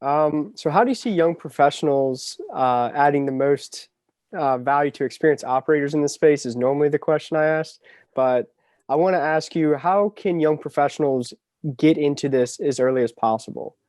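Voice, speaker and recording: A man co-hosting a podcast interview, friendly, pausing with small fillers as he asks questions. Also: fairly high pitch, darkish tone, dry recording, clean studio sound. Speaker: podcast co-host.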